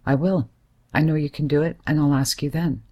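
A woman reading the part of a hesitant but serious young man, a gentle family friend, in an audiobook. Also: a little high, fairly even intonation, brisk, close to an everyday voice. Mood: pleading. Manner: hesitant yet serious, soothing.

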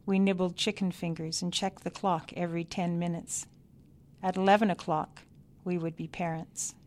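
A woman reading her own memoir aloud in a measured, deliberate way with dry understatement. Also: on the low side. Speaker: memoir narrator.

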